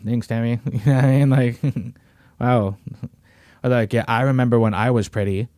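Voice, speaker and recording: A man's voice: medium pitch, steady tone, normal speed, a little mellow, no room sound, clean studio sound. A young man hosting a podcast, chatting casually in a slangy, rambling way full of "bro" and "you know what I mean". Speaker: podcast host. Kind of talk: casual chat.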